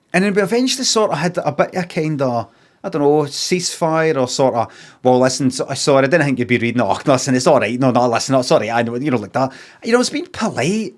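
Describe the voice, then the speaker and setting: Ranting casually and swearing freely, a streamer from Scotland recounts a story, voicing both sides of an argument through rapid asides in a slightly high voice.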